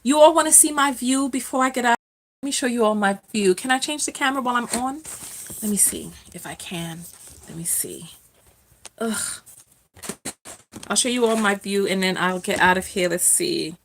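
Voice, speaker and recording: A woman's voice: a little high, moderate pace, long pauses, slight background noise. A woman hosting a casual live stream from home, chatting with viewers, reading their comments aloud and laughing often.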